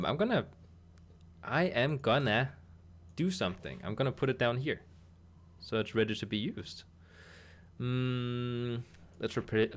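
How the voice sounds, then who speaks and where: A man streaming a game, chatting casually and thinking aloud with amused asides. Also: medium pitch. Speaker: gaming streamer.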